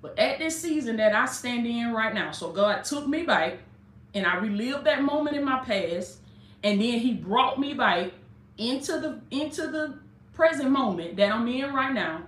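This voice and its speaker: A woman's voice: on the high side, animated, normal speed, fairly bright tone. A woman preaching a live-streamed sermon, fervent and talking straight to her listeners, a little jittery from coffee. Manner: fervent preaching with casual direct address. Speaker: life coach and preacher. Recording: echoey room.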